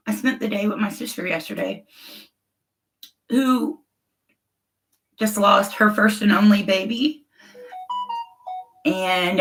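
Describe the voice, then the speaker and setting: A woman's voice: mid-range voice, a bit bright, poor audio. A middle-aged woman hosting a casual livestream, reading viewer comments and talking bluntly and emotionally, often laughing. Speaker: livestream host chatting with viewers.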